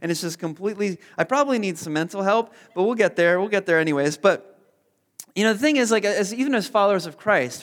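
A man in his thirties preaching a casual sermon as pastor, rambling with self-deprecating humor and lots of fillers. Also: a little high. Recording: long hall reverb.

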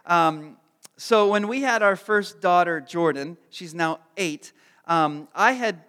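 Brief: man, thirties, pastor preaching, high voice, humble and heartfelt, big reverberant sanctuary. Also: takes it slowly, fairly bright tone, smooth. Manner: self-deprecating storyteller, earnest and heartfelt. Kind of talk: sermon with personal story. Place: church sanctuary. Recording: long hall reverb.

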